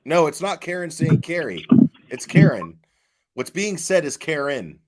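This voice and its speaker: An online commentator with a slightly high, expressive voice talks casually to his stream chat, with a little hiss or hum in the audio. He halts, stammers, and repeats words, often asking the chat questions.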